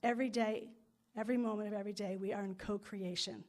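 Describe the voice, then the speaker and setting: A woman's voice: medium pitch, steady tone, fast. A woman pastor delivering a sermon and a spoken prayer to a congregation in a room, repeating phrases in rolling, emphatic lists. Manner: storytelling with acted-out quotes.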